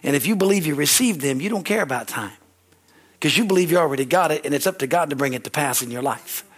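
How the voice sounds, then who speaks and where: A middle-aged male pastor preaching a sermon, animated and storytelling, calling out amen. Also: on the high side, fast, slightly rough.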